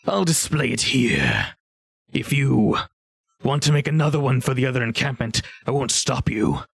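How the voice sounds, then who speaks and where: A man's voice: medium pitch, big pitch swings, moderate pace, gravelly, breathy edge, no room sound, exaggerated voice. A man voicing a tall, smirking male ogre trader who talks in a dry, mocking way.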